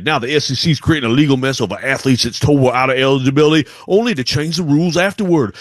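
Brief: a high, squeaky, rushed mock-indignant politician, played for laughs, as a radio host puts him on. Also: male voice, dry recording, studio quality. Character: exaggerated goofy impression of an indignant male governor.

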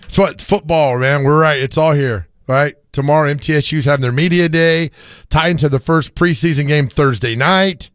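Hoarse sports radio host, man, slightly raised voice, dry studio sound, rambling and self-mocking. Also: on the high side, steady tone, moderate pace, a bit bright, no room sound. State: hoarse from screaming. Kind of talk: casual sports talk.

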